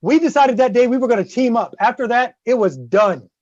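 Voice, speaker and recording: High-voiced, animated, profane male storyteller. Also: fairly quick, no room sound. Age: middle-aged. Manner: animated and profane, acts out quotes and sound effects. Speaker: guest host. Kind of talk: casual podcast storytelling. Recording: dull, dry, lo-fi sound.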